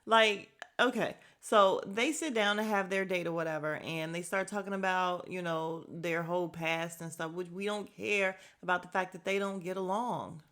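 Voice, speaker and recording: A woman with a mid-range, slightly bright voice hosts a podcast reviewing a reality dating show. Her recap is casual, blunt, and opinionated, full of swearing, fillers, and asides.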